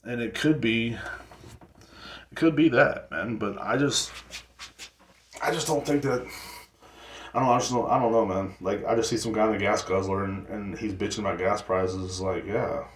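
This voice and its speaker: Male podcast host, lowish voice, loose profane rambling delivery, roomy echo. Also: fairly even intonation, normal speed, long pauses, a little hiss or hum. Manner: rambling, profane, filler-heavy. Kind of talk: casual solo podcast rant.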